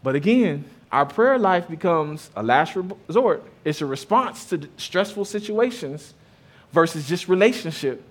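A man's voice: fairly high pitch, expressive, a little slow. A man in his thirties, a pastor giving a sermon in a conversational way, mixing scripture with stories about his kids. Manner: conversational preaching with personal stories, rising and dropping loudness.

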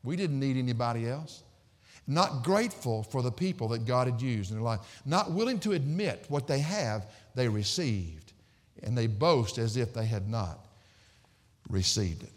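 A man preaching a sermon as pastor, swinging between loud emphatic declamation and low, conversational asides. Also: expressive, a little slow, long reverb tail.

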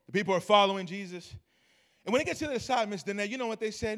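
High-voiced pastor preaching with swings in volume. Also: male voice, fast talker. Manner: storytelling preacher, swinging from low asides to loud emphatic calls; talks to the congregation and asks for responses. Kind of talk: sermon. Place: church.

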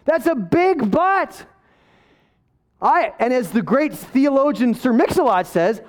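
High-voiced, fired-up man preaching. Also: slow pace. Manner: energetic, conversational, jokey preaching with asides. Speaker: pastor. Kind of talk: sermon.

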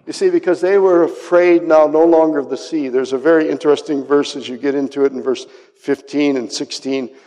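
A male pastor preaching a dramatic sermon, acting out the voices he quotes and dropping to soft asides. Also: a little high, fairly even intonation, a little fast. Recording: long hall reverb.

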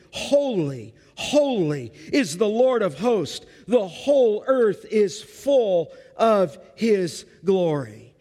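Man preaching, high voice, emphatic repetition, long hall reverb. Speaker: pastor. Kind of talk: sermon.

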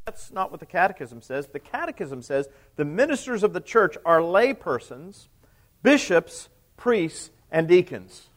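Very animated but unhurried, a priest preaches in a conversational way. He questions the congregation, and when a quoted line finishes his voice sinks quiet and low.

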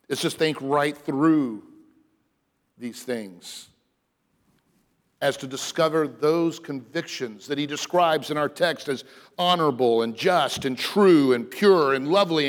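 A man preaching a sermon as pastor, earnest and emphatic, sometimes dropping to a hushed, soft delivery. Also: a little high. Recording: long reverb of a large hall.

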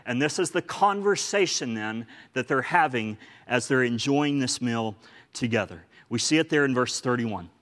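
A man's voice: medium pitch, lively intonation, moderate pace, a bit bright. A man with an Oklahoman accent preaching a sermon in church, earnest and emphatic, often repeating phrases for stress. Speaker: pastor.

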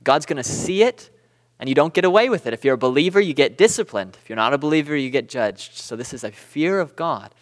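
Guy teaching a bible class, kinda high voice, lots of hall reverb, chatty storyteller. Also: fairly quick. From Southern California. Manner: conversational, animated storytelling with asides. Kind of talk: church teaching lesson.

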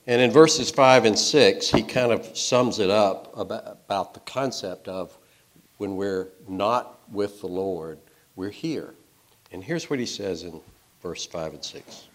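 A man preaching a sermon, telling stories and shifting between loud and soft delivery. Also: on the low side, measured pace.

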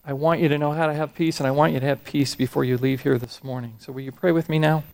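A middle-aged man preaching a sermon, speaking earnestly and slowing down when he reads scripture and hymn verses. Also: a little high, fairly even intonation, vocal fry, a little mellow. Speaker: pastor.

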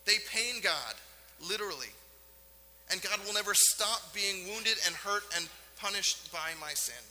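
A male pastor preaching a sermon in a church, earnest and emphatic, with dramatic pauses. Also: sits high, bright, forceful tone, long reverb tail, low-quality recording. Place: church sanctuary.

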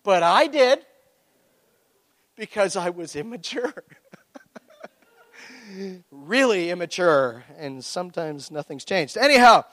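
Man, pastor, animated sermon, fairly high voice, close dry sound with a long hall tail. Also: a little slow, long pauses. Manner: animated storytelling, acting out his own reactions. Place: church.

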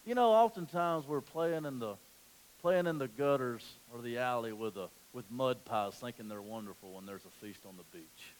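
A man preaching a sermon in a church. He swings from quiet, low stretches to loud, emphatic passages and often restarts his phrases. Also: normal speed. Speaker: pastor.

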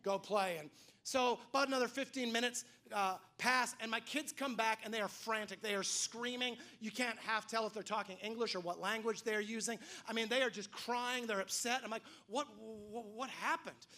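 A man's voice: very high-pitched, fairly even intonation, fairly quick, pushed and bright. A man preaching a sermon, telling a story animatedly, acting out the voices he quotes and often restarting his words. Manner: frequent restarts and repeated words. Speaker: pastor.

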